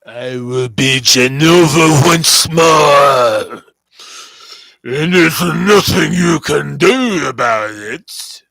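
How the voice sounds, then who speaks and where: A man voicing a masked female wrestler with an ominous whisper that grows into a slow, grandiose declaration. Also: gravelly, dry recording, heavily acted. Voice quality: hushed whisper turning into slow booming declaration.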